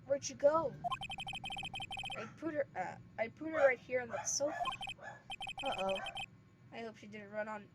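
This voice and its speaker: A woman's voice: on the high side, lively intonation, normal speed, pauses often, close to an everyday voice. A woman reading aloud in her own voice as a puzzled young male lawyer. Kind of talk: reading game dialogue aloud. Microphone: streaming mic. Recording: very loud static hiss, poor stream mic.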